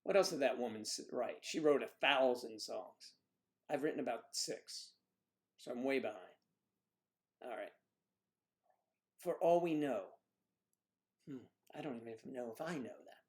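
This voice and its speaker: A man's voice: mid-range voice, expressive, measured pace, pauses often. A man hosting a livestream, rambling and joking between songs with swearing and muttered asides. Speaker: livestream host playing guitar. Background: his own acoustic guitar.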